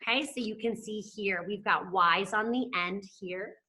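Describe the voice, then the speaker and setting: A woman of medium pitch and sharp tone teaches a phonics lesson to young kids. To help them follow, she slows right down, lengthening and stressing her words.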